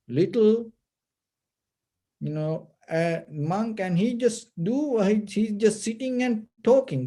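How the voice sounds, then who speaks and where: A man giving a dharma talk, telling a story slowly and patiently in simple, plainly phrased English. His voice sits high for a man, with a mellow, dark tone, and his delivery is very unhurried. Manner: slow, patient, simple non-native phrasing. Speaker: meditation teacher.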